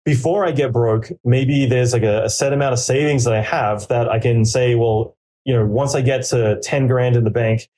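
In a casual podcast interview, a podcaster offers career advice in a dark, mellow, medium-pitched voice that stays steady at normal speed. He rambles, uses plenty of fillers, and drifts into quoted inner dialogue, with a little hiss or hum audible.

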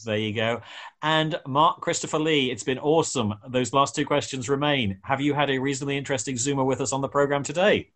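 Man as a rapid-fire radio host who drifts into jokey tangents, mid-pitched voice. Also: steady tone, fairly bright tone. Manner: rambling, jokey asides. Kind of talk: chatty radio interview.

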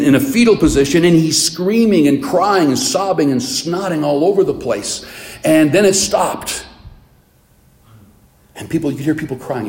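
A male preacher with a mellow, relaxed voice delivers a sermon in an animated, storytelling manner. His voice carries the echo of a roomy space. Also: on the high side.

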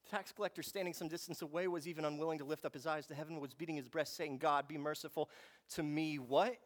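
A man preaching a sermon, moving between quiet reflection and fervent, emphatic passages. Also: a little high, steady tone, fast. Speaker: pastor.

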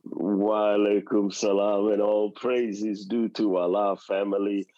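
A man's voice: lowish voice, flat delivery, takes it slowly, dark tone, dry recording, muffled recording. A middle-aged man with an Australian accent calling in to a live show while unwell and lying down, speaking earnestly with many fillers. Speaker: call-in guest. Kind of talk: live tribute call. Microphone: phone call, audio only.

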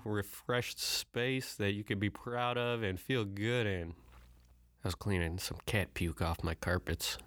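Profane, rambling man, low voice. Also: no echo, studio quality. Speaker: vlogger. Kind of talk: casual chat.

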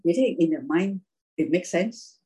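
Husky woman preaching an informal sermon. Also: on the low side, animated, a little slow, warm tone, low-quality recording. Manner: chatty, often asks the listeners questions and laughs.

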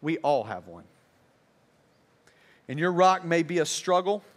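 High-voiced man preaching earnestly. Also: big pitch swings, unhurried. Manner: earnest, repetitive preaching with building emphasis. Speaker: pastor. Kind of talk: sermon. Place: church service before a congregation.

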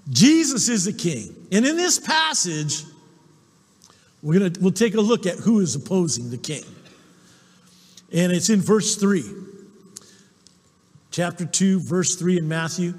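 A man's voice: high voice, animated, normal speed, breathy edge, long reverb tail. A male pastor preaching a sermon, emphatic, often asking the congregation "Amen?". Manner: emphatic preaching, repeated call-and-response "Amen?". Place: church sanctuary.

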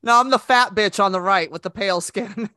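A woman's voice: mid-range voice, normal speed, pushed and bright, dry recording, studio quality. A middle-aged woman from the West Coast, a comedian guest in a casual podcast interview, brash and self-mocking. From West Coast of the United States.

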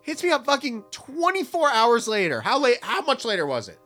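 A man's voice: very high voice, wildly swooping pitch, moderate pace, a bit bright, faint music behind. A young man co-hosting a podcast, ranting in mock outrage and swearing through casual, tipsy banter. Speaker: podcast co-host.

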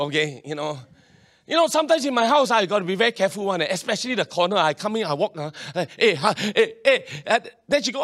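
A man preaching a sermon, animated, with local particles and many restarts. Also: sits high. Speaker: pastor.

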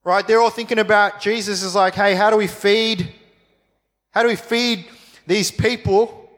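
A man preaching a sermon, telling the story in a lively, jokey way and acting out the voices of the people in it. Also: high-pitched, normal speed, big-room sound.

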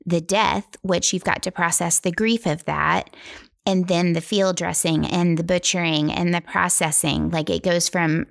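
A middle-aged woman talking in a casual conversation, earnest and thoughtful, explaining things in long run-on sentences. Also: lowish voice.

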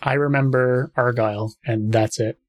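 Casual male game master, joking and easygoing, mid pitch. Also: fairly even intonation, moderate pace. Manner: laid-back, joking, swears casually. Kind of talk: casual chat about a tabletop game.

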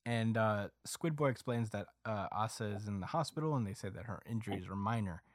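A man's voice: lowish voice, fairly quick, dry recording, studio quality. A man on a podcast recapping a story chapter in casual chat, rambling with lots of fillers. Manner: rambling recap with many fillers, acting out quotes.

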